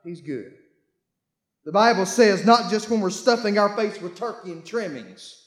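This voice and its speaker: A man preaching a sermon, reading scripture aloud and calling his congregation to read along, with bursts of shouting. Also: sits high, moderate pace, reverberant. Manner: call-and-response, urging the congregation to read along. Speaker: pastor.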